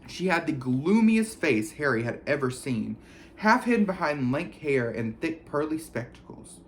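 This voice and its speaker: A man reading a children's fantasy novel aloud, expressive and storytelling. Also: on the high side, a little slow, a little hiss or hum. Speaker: reader. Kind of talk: audiobook reading.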